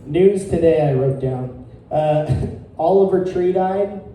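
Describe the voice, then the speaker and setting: Deadpan crude stand-up comic man. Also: on the high side, takes it slowly. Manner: deadpan, crude, chuckling at his own jokes. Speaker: stand-up comedian. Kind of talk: stand-up set. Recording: echoey room, picked up from a distance.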